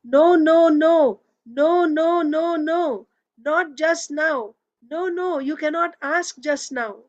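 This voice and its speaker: A woman's voice: high voice, measured pace, dry recording, highs cut off. A woman reading the lines of an elderly male swami who firmly holds back an interrupter. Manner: firm, insistent refusals. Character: elderly male swami, firm, patient lecturer.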